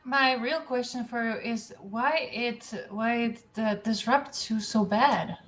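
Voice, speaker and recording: A woman guest on a loose online panel talk. Her voice sits fairly high. She needles the men with dry, teasing questions. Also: slow pace, fairly bright tone. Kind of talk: casual panel chat on a livestream.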